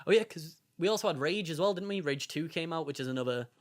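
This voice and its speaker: A young man co-hosting a live-streamed podcast, chatting casually with quick, easygoing reactions. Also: fairly high pitch, lively intonation. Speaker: podcast co-host.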